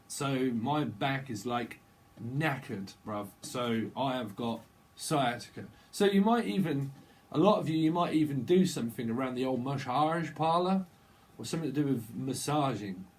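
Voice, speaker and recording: A middle-aged tarot reader rambles casually through a channeling monologue, hopping playfully from word to word and laughing often. His voice is medium in pitch and his pace is moderate.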